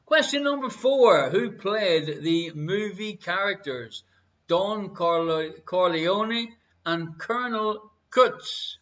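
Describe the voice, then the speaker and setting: Irish man, quiz host, playful, repeats questions, high pitched, muffled stream sound. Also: expressive, slow, a bit bright. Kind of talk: live online quiz hosting.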